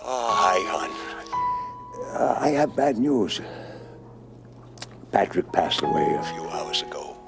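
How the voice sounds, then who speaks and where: An actor playing a stubborn older Irishman, slow and reflective in a scripted drama. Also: fairly low pitch, sing-song, creaky, music in the background, heavily acted. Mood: somber. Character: stubborn Irish older man grieving his brother.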